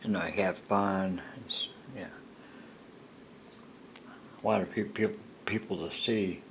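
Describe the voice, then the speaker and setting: Older man, low gravelly voice, very slow halting monologue, faint hiss behind. rambling personal storyteller. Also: fairly even intonation. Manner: halting, with restarts and soft laughs. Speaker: storyteller recounting a personal encounter.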